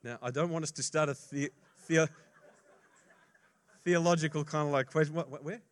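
A male pastor preaching a sermon, swinging between hushed asides and loud emphasis, and joking casually with the congregation. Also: on the high side, fairly even intonation, moderate pace.

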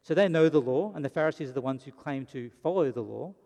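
A man's voice: fairly high pitch, quick pace, vocal fry, mellow. Preaching man in a reverberant hall. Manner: dramatic storytelling, acts out quotes. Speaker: pastor. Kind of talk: sermon.

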